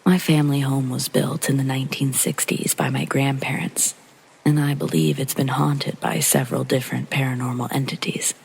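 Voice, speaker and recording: A man narrating a true horror story in a hushed, breathy storytelling manner. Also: medium pitch, fairly even intonation, normal speed, rough recording. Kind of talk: scripted narration.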